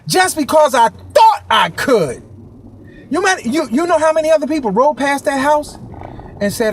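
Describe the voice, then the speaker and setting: A man giving a motivational talk, telling stories loudly with slang, laughing often and acting out other people's lines. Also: extremely high pitch, big pitch swings, moderate pace, noisy background. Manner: loud, laughing, street slang, acts out quotes. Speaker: motivational speaker. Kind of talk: animated motivational storytelling.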